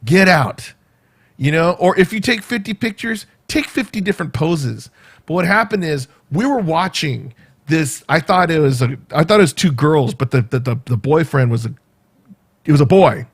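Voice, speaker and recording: Vlogger man, slightly higher voice, rambling animated storyteller, casual. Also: normal speed, slightly rough. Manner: rambling, animated retelling with quoted asides.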